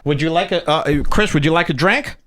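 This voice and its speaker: A man hosting a casual commentary show in a mocking way, often breaking into high impressions. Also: quick pace, heavy background noise. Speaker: host.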